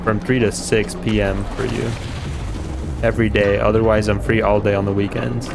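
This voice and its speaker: A man's voice: fairly low pitch, little pitch movement, normal speed, gravelly. A man streaming a game, chatting casually and rambling through stories full of fillers. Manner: rambling, filler-heavy storytelling. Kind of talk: casual chat while gaming. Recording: game music behind the voice. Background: game music.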